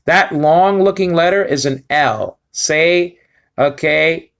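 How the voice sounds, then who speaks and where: A man's voice: on the high side, takes it slowly, vocal fry, a bit bright. A man giving an informal Hebrew lesson, explaining step by step and often asking if listeners understand. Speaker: Bible teacher.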